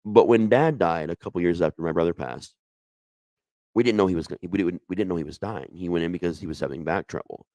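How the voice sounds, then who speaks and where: A middle-aged man with a deep, low voice tells a true ghost story from his own life. He speaks casually but with feeling, often backing up and restarting his sentences. The recording is dry and close, with no room echo. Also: a little mellow. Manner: conversational, emotional, with many restarts and asides.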